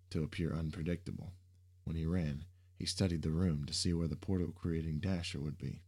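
A man reading an action story aloud in steady scripted narration. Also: a bass voice.

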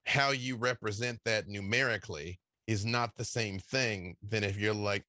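A man's voice: fairly low pitch, moderate pace, hardly any pauses, pushed and bright, no room sound, clean studio sound. A tired man talking casually as an interview guest, rambling and filling his talk with "you know". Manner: tired after a long day. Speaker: guest game designer. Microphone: video call.

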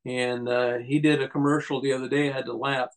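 A man's voice: mid-range voice, level tone, fairly quick, poor audio. A man, a guest on an interview show, telling rambling anecdotes with many restarts and fillers. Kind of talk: casual storytelling interview.

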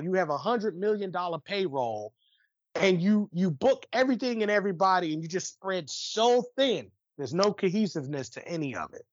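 A man's voice: high voice, dry recording, muffled recording. A man co-hosting a podcast, ranting in casual chat with lots of swearing and restarts. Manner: animated, swearing, rambling rants with restarts. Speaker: podcast co-host.

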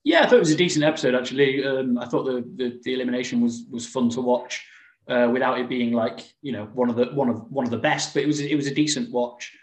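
A man's voice: mid-range voice, quick pace. A man co-hosting a podcast in casual chat, rambling with many restarts and fillers. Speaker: podcast co-host. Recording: roomy echo.

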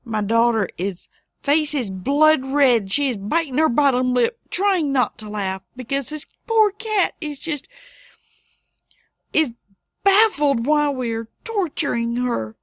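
A middle-aged woman telling a funny personal story in a casual way, with wry deadpan asides. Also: sits high, slow, no room sound, clean studio sound.

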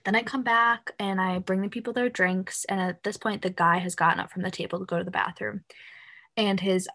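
A woman's voice: mid-range voice, fairly quick, creaky. A young woman co-hosting a podcast, telling a story in a casual, rambling way with lots of "like" and fillers. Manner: animated, rambling with many fillers and "like". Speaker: podcast co-host.

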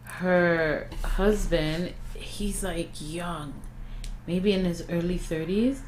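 A young woman, stoned, chatting on a podcast in a lazy, drawn-out way. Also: fairly low pitch, steady tone, a little hiss or hum. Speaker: podcast co-host. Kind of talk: casual chat.

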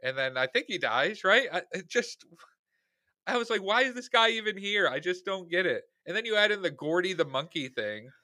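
A man chats about a film he watched, talking in an opinionated, animated way. His voice is bright and lively, and the recording is close and dry with no room sound. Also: a little high, normal speed, dry recording. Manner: animated, opinionated, acts out quoted lines. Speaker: podcast co-host, film reviewer. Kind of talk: casual chat.

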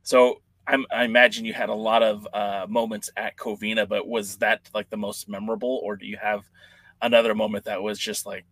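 A man hosting a podcast, asking rambling, halting questions in a casual chat. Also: on the low side, level tone, fairly bright tone, dry recording, low-quality recording. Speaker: podcast host. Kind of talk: casual interview.

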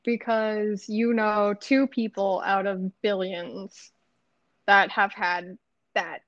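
A woman's voice: mid-range voice, level tone, takes it slowly, fairly bright tone, no echo. A young woman in her college years chats casually on a podcast. Her voice comes through a slightly dull, muffled recording with a dry, close sound. She talks in an easygoing way. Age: young adult. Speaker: podcast co-host. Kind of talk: casual chat.

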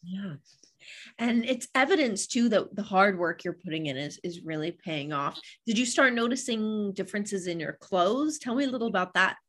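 A woman's voice: mid-range voice, expressive, moderate pace, a bit bright. A woman coach interviewing her client, encouraging and asking open questions. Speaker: fitness coach.

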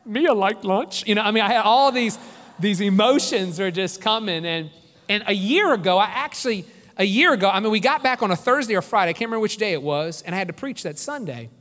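Man in his forties, pastor, high voice, preaching earnestly, lingering church-hall reverb. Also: animated, fast talker, fairly bright tone. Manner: earnest, emphatic preaching with repeated phrases. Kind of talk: sermon. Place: church sanctuary.

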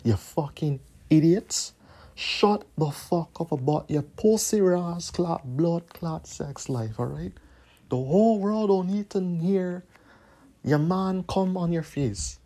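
A man's voice: fairly high pitch, slow pace, warm tone. A man, hosting a podcast and delivering a profane, repetitive, scolding rant. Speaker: podcast host.

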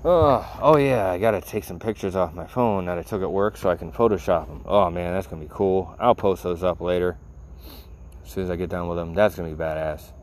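A man's voice: deep voice, brisk, slight background noise. A man in a casual vlog, rambling and sarcastic, full of "you know" as he tells a story. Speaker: vlogger. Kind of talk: casual rant.

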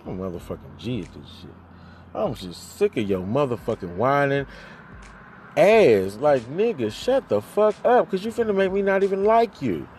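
A man venting in a heated, profane monologue, jumping loud and high then sinking low, recorded on a phone. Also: slight background noise. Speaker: vlogger ranting to camera.

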